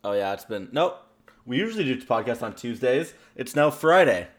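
A man's voice: medium pitch, big pitch swings, moderate pace. Easygoing young man laughing along. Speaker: podcast co-host. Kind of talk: casual podcast banter.

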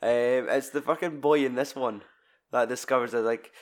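A man's voice: mid-range voice, moderate pace. A man with a Scottish accent, chatting casually about a film as a podcast co-host, swearing freely and acting out scenes. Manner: sweary, animated, acts out film scenes in shouted voices.

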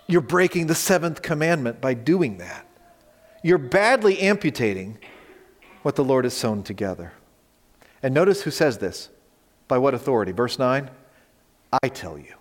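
A man's voice: medium pitch, big pitch swings, normal speed, long pauses, big-room sound. A man preaching a sermon as pastor, reading scripture aloud and explaining it verse by verse. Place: church sanctuary.

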